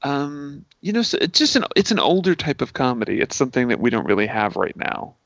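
A man's voice: medium pitch, sing-song, fairly quick, vocal fry, fairly bright tone, dry recording, lo-fi sound. A man co-hosting a podcast in casual chat, joking and laughing often. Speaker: podcast co-host.

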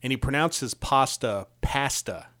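A man with an ordinary mid-pitched voice co-hosts a loose conversation. He is blunt and sardonic, throwing out topics from his list and dismissing what he dislikes. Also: expressive, normal speed, a bit bright. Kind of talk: casual chat.

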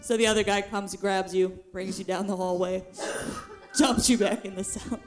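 A woman narrating a tabletop game as game master, lively and often laughing as she describes the scene. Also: medium pitch, moderate pace, faint music behind.

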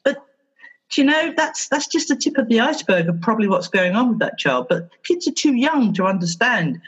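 A woman therapist talks in a podcast interview, her slightly husky voice swinging widely up and down as she tells stories. She acts out little exchanges with children along the way. The audio is a bit dull and lo-fi. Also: on the high side, big pitch swings, fairly quick. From England. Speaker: therapist guest.

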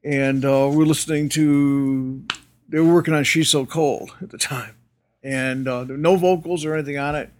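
A man's voice: fairly high pitch, steady tone, normal speed. An older man telling anecdotes in an interview, rambling with many fillers and restarts and laughing often. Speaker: interview guest. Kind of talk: casual storytelling.

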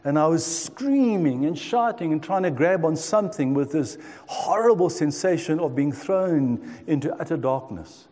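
A man's voice: fairly high pitch, animated, moderate pace, hardly any pauses, warm tone, big-room sound. A man in his sixties telling his own story in a sermon, in an earnest tone that speaks straight to the listeners. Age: 60s. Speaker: preacher. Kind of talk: sermon testimony.

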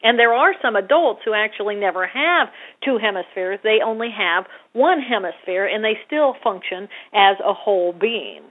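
A woman guest explaining ideas in a conversational way. She gets animated and acts out little scenes with a rising voice. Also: medium pitch, moderate pace, husky. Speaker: guest brain scientist. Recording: tinny phone-line audio.

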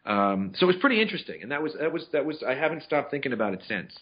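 A man's voice: mid-range voice, sing-song, rapid-fire, husky. A man hosting a podcast, telling a long story in casual chat, with frequent restarts. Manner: rambling storyteller with many restarts, acts out quotes. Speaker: podcast host. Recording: dull lo-fi audio.

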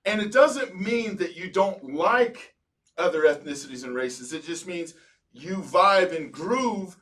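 A man's voice: sits high, measured pace. A man hosting an interview as a psychologist, telling stories with animation and acting out the voices of people he quotes. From Colorado, United States. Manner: animated storytelling, acts out other people's voices. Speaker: psychologist and podcast host. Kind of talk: casual conversational interview. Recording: voice sounds distant from the mic.

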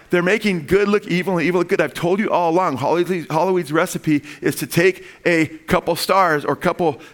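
A man preaching a sermon in a loose, conversational way, often restarting phrases and building to excited emphasis. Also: high voice. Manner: animated and conversational, with frequent restarts and rising emphasis. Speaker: pastor.

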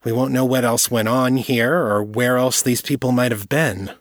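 A man's voice: medium pitch, steady tone, moderate pace, no room sound, clean studio sound, voice pushed up, close to an everyday voice. A man voicing a frustrated female magic investigator in an audiobook, sour and clipped. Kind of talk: audiobook character voice.

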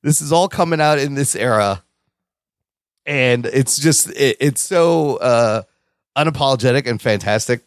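A man co-hosting a casual film review chat, enthusiastic and quick to quote favorite lines. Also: mid-range voice, animated, smooth, no room sound, studio quality. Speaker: podcast co-host.

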